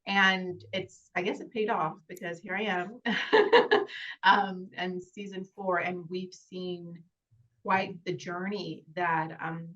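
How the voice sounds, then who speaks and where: A woman's voice: on the low side, steady tone, slow, fairly bright tone. A woman actress speaking as an interview guest, earnest and reflective and often laughing. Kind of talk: conversational interview. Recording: dull lo-fi audio.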